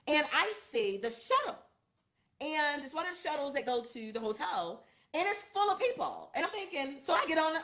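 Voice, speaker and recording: A woman hosting a show, recapping an event in a casual, animated storytelling way, acting out what people said. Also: medium pitch. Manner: animated storytelling, acts out quotes. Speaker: show host.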